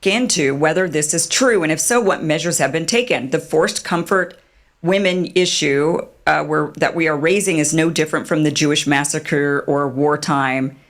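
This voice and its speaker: A woman giving animated, sarcastic online commentary and mocking others with put-on quotes. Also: low-pitched, moderate pace. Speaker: political commentator.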